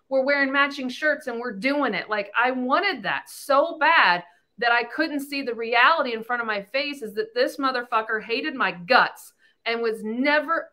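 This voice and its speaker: A woman in her thirties hosting a podcast, telling her story bluntly and candidly, with lots of swearing. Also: fairly high pitch. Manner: blunt, profane, animated storytelling. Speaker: podcast host. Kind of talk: candid casual talk.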